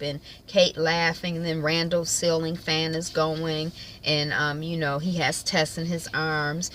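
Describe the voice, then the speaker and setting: A woman's voice: deep voice, fairly bright tone, a little hiss or hum. A woman chatting casually as she recaps a TV episode, with lots of fillers. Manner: chatty, many fillers, quick impressions of characters. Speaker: TV recap vlogger.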